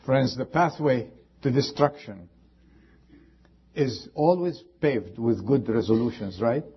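A man preaching a sermon as pastor, impassioned, rising high and then dropping to a hush. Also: animated, slow pace, slightly rough, muffled recording. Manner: impassioned preaching with sudden drops to quiet.

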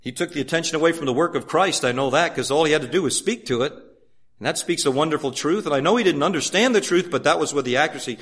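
A man preaching a sermon emphatically, asking many rhetorical questions and swinging from loud urging to hushed asides. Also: a little high, quick pace, husky.

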